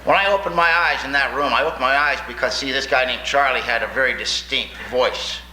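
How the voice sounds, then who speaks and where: A man's voice: mid-range voice, brisk. Older man telling his story in an echoey hall. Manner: plainspoken, folksy, wry humor. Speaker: recovery speaker sharing his story. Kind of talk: storytelling talk to an audience. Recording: echoey room with faint noise.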